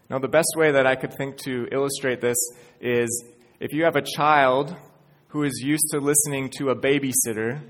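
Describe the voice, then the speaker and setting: A man preaching a sermon in an earnest way, building to emphatic peaks. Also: a little high. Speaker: pastor. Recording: church hall reverb.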